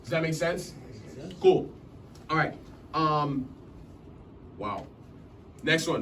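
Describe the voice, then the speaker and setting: A man's voice: a little high, expressive, slow pace, pauses often, fairly bright tone, a little hiss or hum. A man in his twenties from Massachusetts gives a motivational talk to a room, chatting casually and often checking that his listeners follow. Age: 20s. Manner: casual, keeps checking in with the audience. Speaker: motivational speaker at a business meeting. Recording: distant mic in a room with faint ambience.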